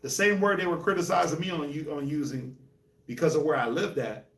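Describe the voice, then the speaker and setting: Man w/ a higher-ish voice telling stories in a casual group chat, sounds far from the mic. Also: a little fast, slight background noise. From New York and Colorado, Jamaica. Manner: animated storytelling with laughs. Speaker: host. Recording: echoey room, mic at a distance.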